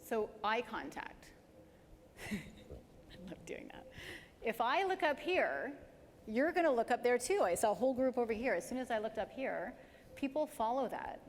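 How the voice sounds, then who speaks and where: Animated woman presenter in a reverberant hall. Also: fairly high pitch, normal speed. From Canada. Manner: lively, emphatic, shifts pace to demonstrate. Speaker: presenter at a dental career talk. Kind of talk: live presentation. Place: large hall with an audience. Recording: hall reverb, faint background noise.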